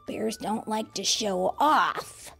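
A woman's voice: medium pitch, lively intonation, takes it slowly, creaky, sharp tone, slightly rough, heavily acted. A woman voicing a boastful male turtle dressed in a bear costume, exclaiming and showing off. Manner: showy, exclaiming.

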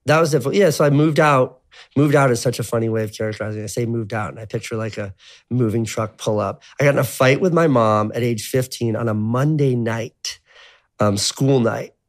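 A man in his thirties, a guest in an interview, tells his life story in a medium-pitched, slightly fast voice. His casual storytelling is rambling and profane, heavy with the filler word "like."

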